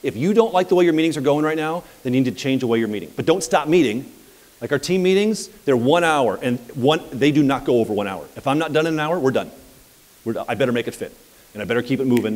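A man coaching at a live seminar, telling anecdotes in an energetic, conversational way. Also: medium pitch, quick pace, in a large hall. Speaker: property management business coach. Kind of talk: live seminar talk with audience questions.

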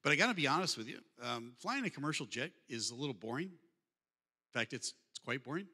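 Fast-talking, bright-voiced man storyteller. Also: mid-range voice, very animated, husky. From Michigan, USA. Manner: humorous, conversational, addresses the audience directly. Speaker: guest speaker. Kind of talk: storytelling talk. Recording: long hall reverb.

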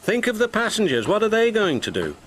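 A man's voice: a little high, huge pitch swings, moderate pace, slight background noise, voice pushed up. A man voicing a cheerful little old male steam engine, eager and chatty, in a storybook reading. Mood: reproachful.

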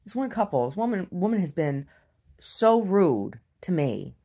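A woman's voice: fairly low pitch, very animated, unhurried, mellow. A woman recording a casual video diary, venting bluntly with plenty of swearing and mocking the people she talks about. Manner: blunt, profane, exasperated venting; mocks others in exaggerated voices. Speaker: video diarist.

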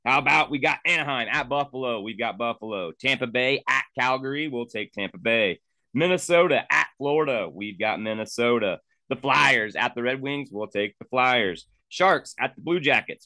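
A man hosting a sports picks show, running quickly through his betting picks with confident calls and plugs for the show. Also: medium pitch, lively intonation, sharp tone, no echo. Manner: confident, brisk, plugging the show between picks. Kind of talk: rapid-fire sports betting picks rundown.

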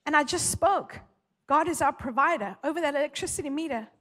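A woman's voice: high voice, a little fast, fairly bright tone. Woman pastor, fervent emphatic preacher, long reverb of a big hall. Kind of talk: sermon.

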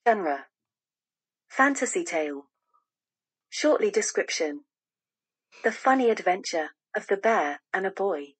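A woman narrating a children's storybook audiobook, reading slowly and carefully. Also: mid-range voice, breathy edge.

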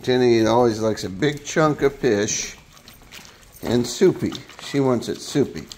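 A man's voice: medium pitch, a little slow, a little mellow, slight background noise. A man filming at home, talking to his dogs in playful, cooing baby talk and speaking their thoughts aloud. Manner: coos and voices the dogs' thoughts in silly baby talk. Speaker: dog owner filming his pets.

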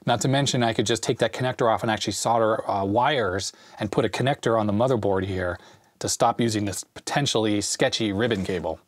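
A man hosting a retro computer repair video, thinking aloud in a relaxed way while he takes a machine apart. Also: fairly low pitch, fairly quick. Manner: thinks aloud while working, relaxed, with small fillers and laughs. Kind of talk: casual hands-on show-and-tell.

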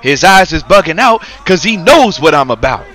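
A man's voice: fairly high pitch, big pitch swings, normal speed, fairly bright tone, soft background music. A man voicing a cocky heavyweight boxer, commentating a game in character with taunting, rhyming trash talk. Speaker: gaming commentator.

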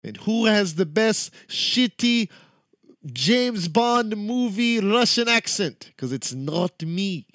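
A man's voice: high voice, animated, takes it slowly, fairly bright tone, no room sound, clean studio sound. Profane, joking male game streamer. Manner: loose, profane, joking trash talk. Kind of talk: casual live-stream chat while gaming.

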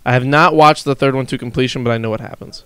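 A man's voice: medium pitch, fast, bright, forceful tone, smooth, no room sound. A man hosting a podcast, chatting casually, joking, swearing a lot and laughing often. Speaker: podcast host and streamer. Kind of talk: casual chat.

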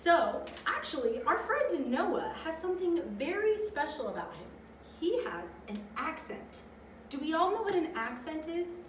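Lively high-voiced woman hosting for kids. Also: a little slow. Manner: animated, sing-song delivery for children. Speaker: children's program host. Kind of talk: bright kids' show hosting. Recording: roomy and distant with background noise.

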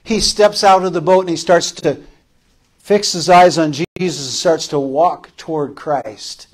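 A man preaching a sermon as pastor, his voice sitting a little high for a man. He takes his time, leaving space between phrases. He repeats lines for emphasis and swings from loud calls to soft, tender words. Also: steady tone, measured pace.

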